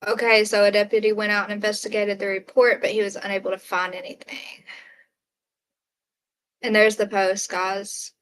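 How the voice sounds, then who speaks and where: A woman's voice: mid-range voice, level tone, moderate pace, fairly bright tone, a little hiss or hum. A woman hosting a casual livestream, chatting to viewers, reading out their comments and exclaiming at what they send. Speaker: livestream host.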